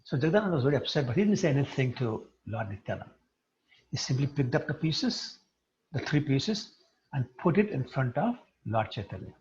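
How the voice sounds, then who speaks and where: A man's voice: mid-range voice, brisk. A man giving a devotional lecture, retelling a sacred story and putting questions to his listeners. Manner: animated storyteller who poses questions to the listeners. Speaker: religious teacher. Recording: dull lo-fi recording.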